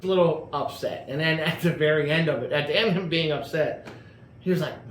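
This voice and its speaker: Speaking a little fast in a slightly high voice, the host meanders through a long personal car story, restarting often and leaning on fillers. There's slight background noise, and the echoey room carries faint ambience.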